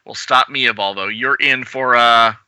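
A man's voice: mid-range voice, moderate pace, sharp tone, clean tone, dry recording. A man voicing a defiant young female superhero, raising his voice well above his own. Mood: alarmed.

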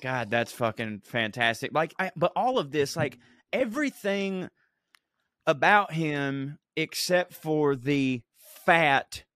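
A man's voice: on the high side, very animated, slow pace, fairly bright tone, dry recording, studio quality. A man co-hosting a comedy podcast, riffing in a wry, profane way. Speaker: podcast co-host. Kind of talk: casual comedic chat.

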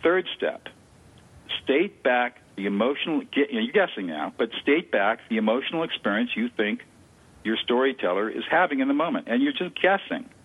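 Over a tinny phone line, a man appears as an interview guest and expert on conflict de-escalation, enthusiastically explaining a listening technique and repeating words for emphasis. His voice is mid-range, husky, and sing-song, at a moderate pace.

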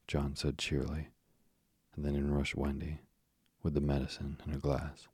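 Deep gravelly male storyteller. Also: monotone, moderate pace, a little mellow, no room sound, studio quality. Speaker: narrator. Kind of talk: audiobook narration of a classic children's story.

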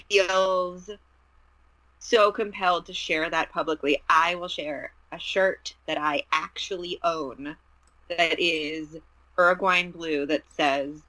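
A woman's voice: fairly low pitch, pushed and bright, dry recording, low-quality recording. A woman co-hosting a casual podcast over a video call, gushing and giggly, poking fun at herself. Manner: gushing, giggly, self-mocking. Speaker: podcast co-host. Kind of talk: casual chat.

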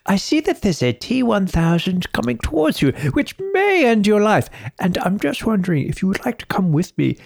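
A man's voice: high-pitched, big pitch swings, normal speed, gravelly, hardly any pauses, dry recording, clean studio sound, voice pushed up, full character voice. A man voicing an overly polite, well-spoken British action hero who keeps apologizing and hesitating. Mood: apologetic.

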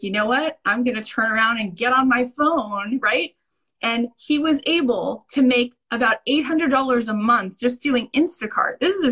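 A woman business coach speaks in casual conversation, emphatically repeating her points and often tagging lines with "right?" Her voice is fairly high-pitched and a bit bright.

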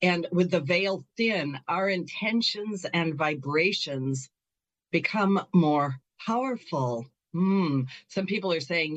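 A woman's voice: lowish voice, lively intonation, slow pace, muffled recording. A middle-aged woman hosting a talk show and Reiki practice, chatting in an upbeat way with frequent laughs and fillers. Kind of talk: casual chat.

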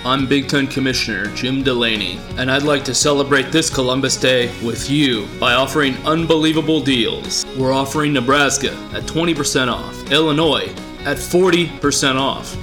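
A man doing a loud sports commissioner hawking deals. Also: lightly acted. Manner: loud, salesman-like pitch. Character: blustering male sports commissioner in a mock radio ad.

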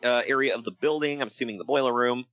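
A man hosting a casual podcast, recapping wrestling in an animated storytelling way and laughing often. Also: mid-range voice, quick pace, dry recording, lo-fi sound. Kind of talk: casual chat.

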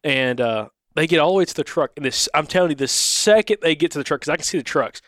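A man's voice: on the high side, lively intonation, quick pace, a bit bright, dry recording, clean studio sound. A man, co-hosting a podcast and telling a hunting story in a rambling, casual way, acting out the dialogue. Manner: rambling, restarts, acts out quoted dialogue. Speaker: podcast co-host.

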